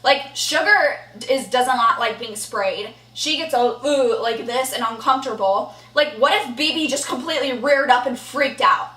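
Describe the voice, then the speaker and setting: A woman's voice: a little high, moderate pace, hardly any pauses, sharp tone, far from the mic. A young woman vlogging an indignant storytime rant, blunt and swearing freely. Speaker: horse vlogger. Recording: echoey room, voice a bit off-mic.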